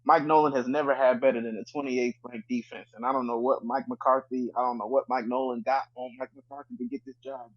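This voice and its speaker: A man's voice: mid-range voice, little pitch movement, brisk, hardly any pauses, dull audio. A man giving frank, laid-back takes as a guest on a sports podcast. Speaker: guest panelist. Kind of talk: casual sports banter.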